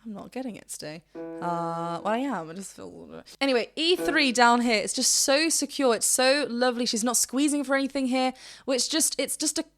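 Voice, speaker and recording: Woman vocal coach, high-ish voice, gushing and rambling, faint music underneath. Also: a bit bright. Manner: gushing, rambling, quick restarts; breaks into short sung demonstrations. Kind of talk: reaction commentary.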